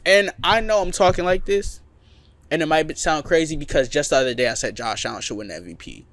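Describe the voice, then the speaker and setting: Man, fairly high voice, dry sound, emphatic sports debate, repeats his points. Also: fast talker, fairly bright tone, no echo. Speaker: podcast co-host.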